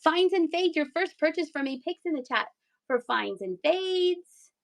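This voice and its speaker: A woman's voice: very high voice, animated, measured pace, gravelly. A middle-aged woman from Pennsylvania hosting a live-stream sale, chatty and playful, with giggles and sing-song asides. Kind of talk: casual live-sale chat.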